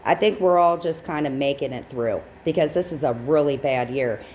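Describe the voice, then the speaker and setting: A woman's voice: sits low, moderate pace, darkish tone, a little hiss or hum. A woman hosting a livestream, giving blunt, sarcastic, profane reaction commentary on clips. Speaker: stream host.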